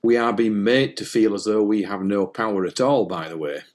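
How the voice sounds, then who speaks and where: Low-voiced man in rambling spiritual chat. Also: normal speed. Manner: jokey, rambling, many fillers and restarts. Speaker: medium and podcast co-host.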